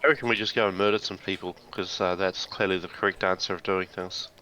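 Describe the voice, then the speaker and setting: A man playing in a tabletop game over a call, laughing and pitching schemes. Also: steady tone, fast talker, sharp tone, slight background noise, low-quality recording. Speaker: player.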